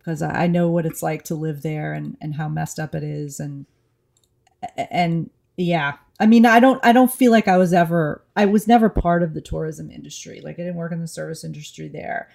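A woman's voice: low voice, moderate pace, vocal fry, darkish tone. A woman from New Orleans co-hosting a casual podcast, talking candidly and thinking aloud with frequent restarts. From New Orleans, USA. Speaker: podcast co-host.

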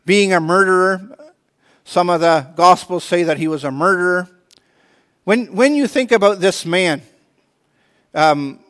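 A man's voice: sits high, big-room sound. A man preaching a sermon and reading scripture aloud, earnest, often restarting and repeating words. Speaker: pastor.

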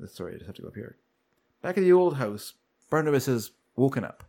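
A man's voice: medium pitch, quick pace, vocal fry. A man casually retelling a show's plot on a podcast, acting out the characters' lines as he goes. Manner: lively storytelling, acts out characters' lines. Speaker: podcast co-host recapping a show. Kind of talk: casual chat.

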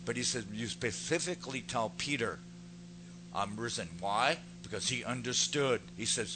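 A man's voice: medium pitch, normal speed. A man preaching a sermon, telling Bible stories and acting out their voices with rising fervor. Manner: animated storytelling, acting out voices. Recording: noisy recording with hum.

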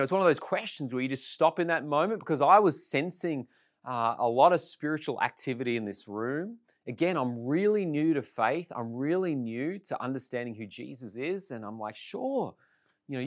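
A man giving a sermon, telling his own conversion story in an animated storytelling way. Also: mid-range voice, no echo, studio quality. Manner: storytelling, animated when quoting others. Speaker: preacher. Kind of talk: sermon with personal testimony.

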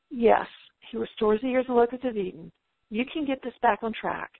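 A middle-aged woman speaks in a slightly high, gravelly voice, giving a reassuring Christian talk to homeschooling mothers. She quotes scripture in a steady, encouraging tone. Her voice comes through a tinny, phone-like line with a dry sound. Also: a little fast, no echo. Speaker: guest speaker.

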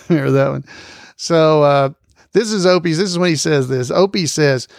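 Chatty man with a gravelly, dry voice. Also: on the high side, normal speed, no echo. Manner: rambling, chuckling, many fillers. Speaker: podcast host. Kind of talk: casual trivia chat.

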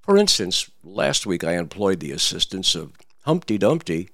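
A man's voice: on the low side, no echo, clean studio sound. A man giving satirical political commentary, telling a mocking fairy tale in a theatrical, sing-song way.

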